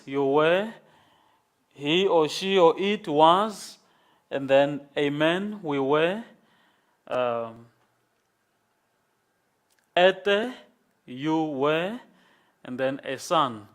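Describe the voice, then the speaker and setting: Guy teaching a class, slow patient talk, voice a bit high. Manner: slow, patient explaining with repeated "okay?". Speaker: lecturer. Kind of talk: online class lecture.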